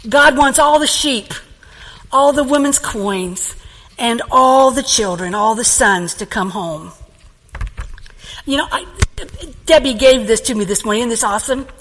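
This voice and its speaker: High-voiced woman preaching in an echoey hall. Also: unhurried, pauses often. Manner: animated storyteller, laughs often. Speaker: pastor. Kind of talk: sermon.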